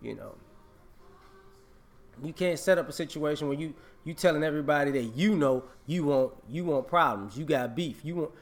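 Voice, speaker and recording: A man's voice: on the high side, moderate pace. Emphatic man ranting to camera. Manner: emphatic, repetitive, scolding with laughs. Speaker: vlogger. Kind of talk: casual opinion rant to camera.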